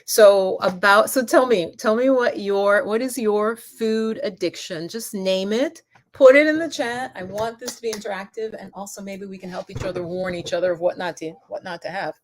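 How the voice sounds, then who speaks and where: A woman's voice: mid-range voice, moderate pace. Chatty woman hosting a live stream. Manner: chatty, animated, laughs often, answers viewers by name. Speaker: yoga and mindfulness channel host. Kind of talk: casual livestream talk reading chat comments.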